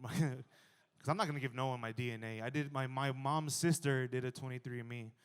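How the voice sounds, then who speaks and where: A man in his thirties performing a stand-up comedy set, animated and jumping to loud exclaiming in the acted-out bits. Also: mid-range voice, brisk, clear, resonant tone. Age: 30s.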